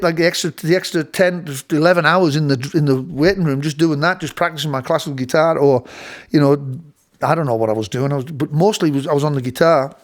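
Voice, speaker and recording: A middle-aged man, telling a rambling studio story with many restarts and playful voice impressions. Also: fairly high pitch. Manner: rambling, full of restarts, mimics voices with laughter. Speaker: host. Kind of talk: casual storytelling.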